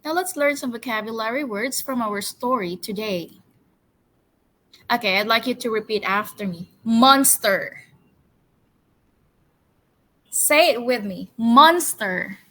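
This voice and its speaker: A woman English teacher leading a storytelling lesson for children, coaxing them with cheerful questions and slow call-and-response word drills. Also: on the high side, sharp tone, rough recording.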